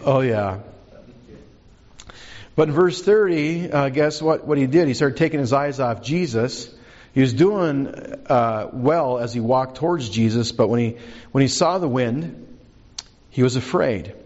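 A man's voice: medium pitch, lively intonation, unhurried, a little mellow, lo-fi sound. A man preaching a sermon as pastor, conversational, asking the congregation questions.

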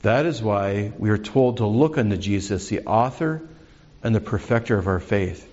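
A man's voice: fairly low pitch, lively intonation, moderate pace, a little mellow, muffled recording. Conversational male pastor preaching. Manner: conversational, asks the congregation questions. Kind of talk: sermon.

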